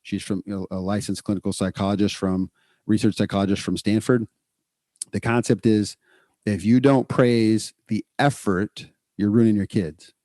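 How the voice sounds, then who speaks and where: A middle-aged man co-hosting a podcast in casual, energetic chat, repeating words for emphasis. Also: fairly low pitch, moderate pace, dry recording, studio quality. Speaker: podcast co-host, psychologist.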